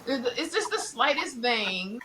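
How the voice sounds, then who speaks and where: A middle-aged woman co-hosting a casual podcast, animated and quick to laugh as she recaps a TV show. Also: high-pitched, noisy background. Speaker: podcast co-host. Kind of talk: casual pop-culture chat.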